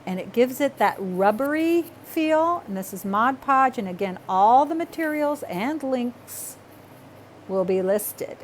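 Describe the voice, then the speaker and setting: A woman teaching a hands-on art project in a loose, chatty way, talking to herself and apologizing as she gets excited. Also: on the high side, measured pace, a little hiss or hum. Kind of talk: casual craft tutorial.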